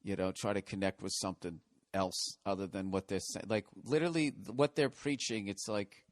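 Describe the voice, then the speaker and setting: A man's voice: fairly low pitch, steady tone, brisk. A male comedian in a profane, exasperated comedic rant.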